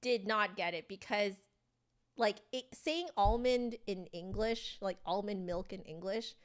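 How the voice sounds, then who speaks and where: A woman hosting a flute livestream, chatting casually with viewers, laughing often and filling with "like" and "um". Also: mid-range voice. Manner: chatty, giggly, reads chat aloud; fillers, self-correcting.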